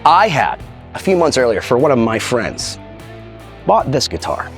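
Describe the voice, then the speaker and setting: A man's voice: medium pitch, very animated, moderate pace. A guitar collector telling a story with enthusiasm as he builds to a reveal.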